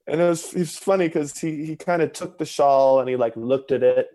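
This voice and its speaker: A man's voice: on the high side, fairly even intonation, normal speed, few pauses, mellow, no room sound. A man who is a podcast guest tells a personal story in a casual, conversational way, candid and self-mocking, and acts out what other people said.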